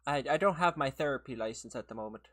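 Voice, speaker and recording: A young adult game streamer chatting casually with viewers while playing, a little hoarse after being sick, laughing often and greeting people by name. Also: medium pitch, animated, fast talker, fairly bright tone. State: slightly hoarse from a recent illness. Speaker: gaming livestreamer.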